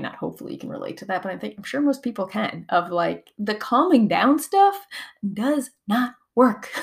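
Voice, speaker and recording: A woman's voice: medium pitch, gravelly, a bit bright. A young adult woman explaining somatic coaching techniques in a chatty, casual teaching talk, full of fillers and frequent laughs.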